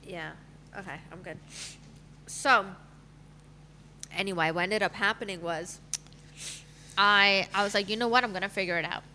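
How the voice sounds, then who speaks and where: A woman's voice: medium pitch, moderate pace, long pauses, sharp tone, slight background noise. A woman in her thirties, a matchmaker, telling her own career story candidly in a podcast interview, with fillers and laughter. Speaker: guest, matchmaker.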